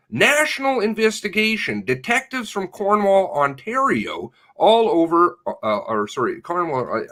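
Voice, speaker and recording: A man's voice: high-pitched, bright, forceful tone. A man giving a sarcastic, ranting livestream commentary, mocking the police in put-on voices. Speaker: online commentator.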